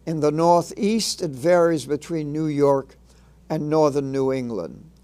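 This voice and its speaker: A man narrating a phonics lesson in a measured instructional way, sounding out letters and sounds one by one. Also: on the high side, warm tone, clear, resonant tone. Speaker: reading teacher.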